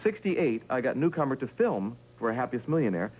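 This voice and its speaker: A man's voice: medium pitch, big pitch swings, moderate pace, a little mellow. A man in his forties from Massachusetts, a guest on a late-night talk show, telling self-deprecating stories in a joking way. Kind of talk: chatty talk show anecdotes. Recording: dull old TV broadcast, faint hiss.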